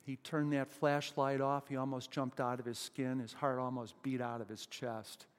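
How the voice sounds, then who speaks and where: A man preaching a sermon as pastor, emphatic, with loud rising exclamations and questions put to the congregation. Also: mid-range voice, level tone, normal speed. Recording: long hall reverb.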